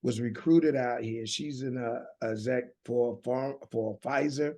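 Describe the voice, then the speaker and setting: A man's voice: medium pitch, fairly even intonation, unhurried, dark tone. A middle-aged man with a Southern American drawl, telling his story earnestly as a guest on an interview show. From United States. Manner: earnest, with many restarts. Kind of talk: conversational storytelling.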